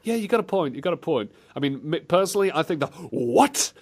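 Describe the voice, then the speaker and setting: A man hosting a comedic game show, excitable and jokey, joking through bits with his co-host. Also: fairly high pitch, racing. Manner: excitable, jokey, breaks into laughs and silly voices. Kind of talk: comedic banter about games.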